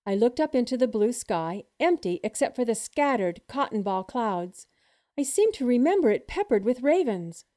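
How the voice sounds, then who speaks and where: A woman narrating a first-person story as an audiobook, with a steady, measured reading manner. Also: on the high side.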